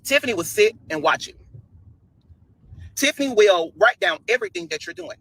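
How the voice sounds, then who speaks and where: A man's voice: high-pitched, big pitch swings, moderate pace, creaky, bright, forceful tone, slightly rough, rough recording. A man ranting on a livestream in a sassy, scolding way, repeating himself. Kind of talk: livestream rant.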